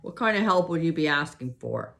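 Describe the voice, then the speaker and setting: A narrator voicing a bored, dismissive middle-aged male police captain who talks slowly and offhandedly. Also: fairly high pitch, sing-song, gravelly, bright, forceful tone, exaggerated voice. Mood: weary, dismissive. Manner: slow, drawling, offhand.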